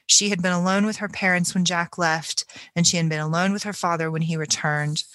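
A woman co-hosting a book podcast, reading a passage from a novel aloud in a measured, reflective way. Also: lowish voice, steady tone, a bit bright, no echo. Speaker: book club podcast co-host.

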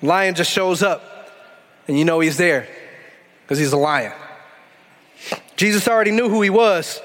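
Man, pastor, high voice, preaching a sermon, dramatic slow-downs and quick bursts, long church echo. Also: fairly bright tone. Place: church sanctuary. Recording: long hall reverb.

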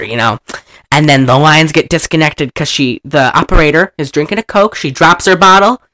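A man casually retelling an old film, animated and profane, laughing often and acting out the characters' lines. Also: fairly high pitch, normal speed. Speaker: movie recapper.

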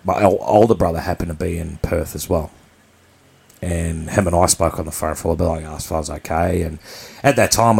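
A man's voice: deep voice, vocal fry, slightly rough. A man from New Zealand, co-hosting a podcast, telling a personal story in a candid, blunt, rambling way. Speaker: podcast co-host.

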